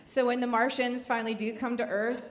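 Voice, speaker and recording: A woman's voice: fairly high pitch, level tone, a little fast, heavy background noise. A middle-aged woman telling a true story on stage to a live audience, in a wry, conversational, joking way. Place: live venue before an audience. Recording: echoey live hall.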